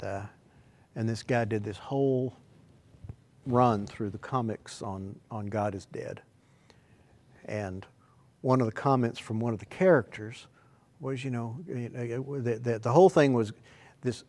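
A man preaching a sermon, telling rambling folksy stories and swinging from quiet asides to loud, shouted emphasis. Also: fairly low pitch.

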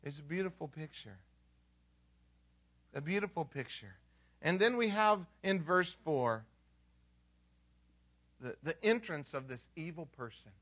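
A pastor preaches with a high, bright voice. He tells the story conversationally, stops to quiz the congregation, and acts out the characters as he goes. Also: expressive, measured pace, long pauses. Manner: conversational, asks the audience questions. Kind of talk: sermon.

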